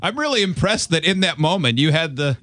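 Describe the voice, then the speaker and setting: A man hosting a radio morning show in casual chat, easygoing and quick to laugh. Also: a little high, big pitch swings, crowd noise.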